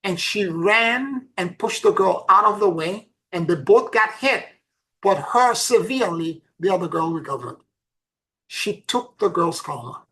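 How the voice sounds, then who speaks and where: An earnest woman gives a casual spiritual talk as if chatting with listeners. She tells her stories by circling back and repeating key points. Her delivery shifts between soft, low asides and sudden emphatic lifts. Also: animated, unhurried, rough recording. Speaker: spiritual teacher.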